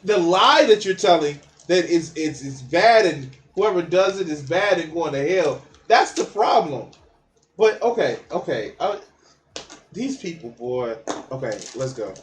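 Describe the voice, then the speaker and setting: A man's voice: on the high side, animated, measured pace, a little hiss or hum. A man giving blunt, profane reaction commentary on a documentary clip, mocking and laughing at what he hears.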